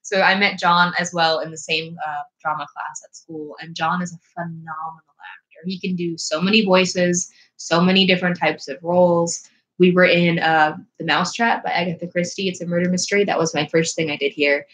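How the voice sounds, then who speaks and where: Young woman, casual chat, fairly low voice, chatty and trails off. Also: fairly even intonation, fairly bright tone, poor audio. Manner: chatty, trailing off, quick to laugh. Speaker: co-host of a fan-film channel.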